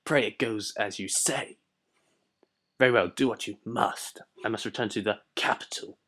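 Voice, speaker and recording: A man's voice: fairly low pitch, fairly bright tone, lightly acted. A man playing a pompous old sorcerer. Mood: scornful. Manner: slow, pompous, disdainful. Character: haughty old male sorcerer, scornful. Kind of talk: amateur voice acting over a video game.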